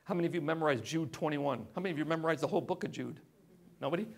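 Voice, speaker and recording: A man's voice: a little high, rapid-fire, creaky. Man preaching a conversational sermon. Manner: conversational preaching with frequent "uh" and rhetorical questions. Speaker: pastor. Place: church sanctuary.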